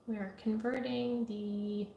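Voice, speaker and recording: A woman artist talking casually and chattily through her computer work, at times dropping to a soft murmur. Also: a little high, little pitch movement, takes it slowly, creaky, roomy sound, a little hiss or hum. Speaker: artist vlogger. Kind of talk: casual vlog talk. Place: home art studio.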